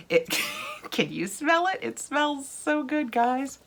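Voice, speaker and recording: An older woman chatting casually through a product unboxing, gushing over items and dropping to a soft whisper now and then. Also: high-pitched, very animated, takes it slowly, vocal fry.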